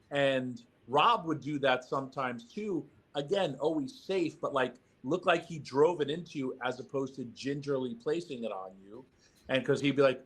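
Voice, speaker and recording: A man's voice: mid-range voice, moderate pace, a bit bright, husky. A man guesting on a podcast, telling stories animatedly, acting out quoted lines and swearing freely. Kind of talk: casual storytelling.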